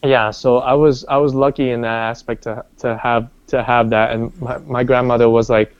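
A man telling personal stories in casual conversation, animated, with many restarts and acted-out quotes. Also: medium pitch, moderate pace, clean tone, no room sound. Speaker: guest. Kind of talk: casual storytelling. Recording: dull lo-fi sound.

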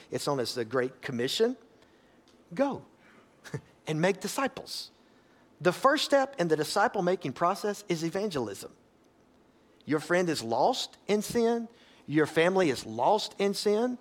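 A pastor preaching a sermon, emphatic and folksy, rising to loud exhortation and dropping to quiet asides. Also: male voice, fairly high pitch, big pitch swings, normal speed.

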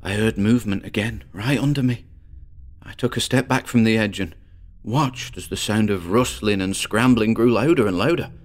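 A man's voice: fairly low pitch, moderate pace, close to an everyday voice. A man playing a boastful teenage boy who tells a ghost story and builds suspense. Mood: spooky.

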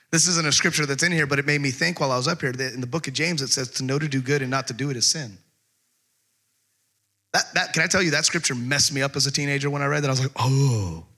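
Bright, lively-voiced man preaching. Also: a little high. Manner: conversational storytelling with humor; slows down to stress scripture. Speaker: pastor. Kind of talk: sermon.

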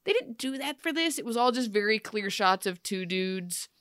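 In a dry, studio-quality recording, a podcast co-host chats casually and jokes around as she tells a lively story packed with side comments. Her mid-range voice is clear and resonant, at a normal speed.

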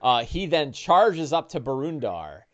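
A man's voice: a little high, measured pace, lo-fi sound. A man narrating as game master of a tabletop game, talking casually with many filler sounds. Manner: lively, casual, frequent uh fillers.

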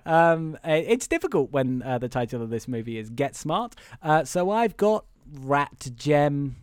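A man's voice: fairly high pitch, sing-song, measured pace, smooth, no room sound. Man, podcast co-host, rambling casual recap, video call from home, dry sound. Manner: rambling, filler-heavy, acts out quotes. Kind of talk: casual movie recap chat. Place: home room.

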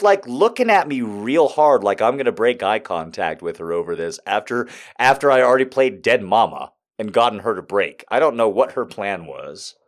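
A man doing stand-up, telling a story with profanity and exasperation and acting out the people in it. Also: mid-range voice. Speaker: stand-up comedian.

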